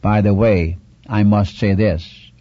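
A male preacher with a low, mellow, husky voice delivers an earnest sermon. He retells scripture with rising drama and pleads with his listeners, repeating his key points. The sound is dry and dull, like an old lo-fi recording. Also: steady tone, takes it slowly, no echo.

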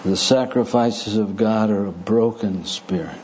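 A man preaching a sermon to a live audience, speaking deliberately with dry humor. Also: fairly low pitch, a little mellow. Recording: muffled recording with faint noise.

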